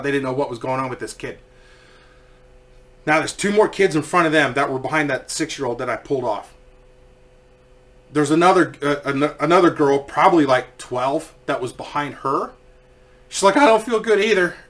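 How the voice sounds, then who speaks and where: A man casually telling a story, swearing freely and acting out what people said. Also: fairly high pitch. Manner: profane, animated, acts out quoted voices.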